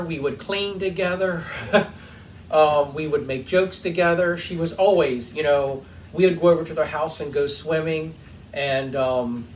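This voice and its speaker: A man hosting his own workshop channel, telling a heartfelt, rambling story full of ums while he cleans something. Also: a little high. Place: home workshop. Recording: distant mic with faint room noise.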